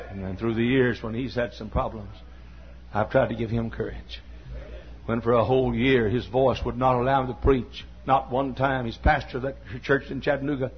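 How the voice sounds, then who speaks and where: An older man preaching a sermon as pastor, repeating his points and building up to shouts. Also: mid-range voice, fairly quick, highs cut off. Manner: impassioned preaching, repetitive, rising to shouts.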